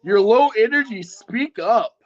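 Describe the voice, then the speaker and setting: A man's voice: high voice, lively intonation, a little slow, highs cut off. A man taunting and goading a rival in a heated online voice chat, in a mocking tone. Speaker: streamer calling in to a rival's stream. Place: online voice call.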